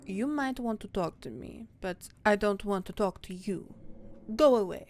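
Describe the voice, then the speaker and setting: A woman's voice: mid-range voice, expressive, normal speed, a little mellow, slight background noise, natural voice. A woman voicing a haughty female house cat with a put-on French accent, reading the cat's lines in a game in a disdainful, insulting way. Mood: contemptuous. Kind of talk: game voice-over read aloud.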